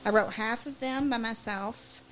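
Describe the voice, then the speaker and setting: A woman's voice: on the high side, a little slow, fairly bright tone, slight background noise. A woman singer-songwriter as an interview guest, talking candidly and earnestly, with some hesitations. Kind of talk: casual interview chat.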